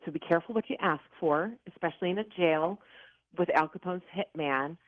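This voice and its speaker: A woman in her fifties from the Chicago area, a paranormal investigator telling her stories in an interview with lively, dramatic, self-mocking delivery. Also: on the low side, a little fast, no room sound. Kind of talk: animated storytelling interview. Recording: tinny phone-like line, dry.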